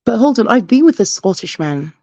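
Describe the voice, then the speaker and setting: A woman with a warm, mellow voice who chats casually and pushes back earnestly. The sound is dry and a little dull, like a lo-fi call. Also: medium pitch, sing-song, a little fast, no echo. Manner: earnest, protesting. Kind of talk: casual chat.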